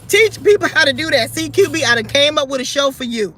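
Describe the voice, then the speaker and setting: A woman with a strikingly high voice that has a bright, forceful edge. She hosts her own commentary vlog and talks in a blunt, sassy, scolding way, addressing people one by one. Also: expressive, fast talker, few pauses, a little hiss or hum. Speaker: YouTube channel host.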